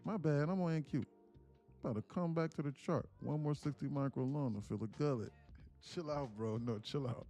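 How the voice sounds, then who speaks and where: A man's voice: on the high side, fairly quick, mellow, faint music behind. A man hosting a trading livestream, joking with chat in a playful, slangy way.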